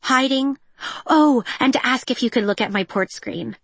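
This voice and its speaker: Audiobook: woman reading a gushing, whiny teen girl, pitched high and loud, dry sound. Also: normal speed, creaky, breathy edge, no room sound. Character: excitable teenage girl, dramatic, bubbly stepsister.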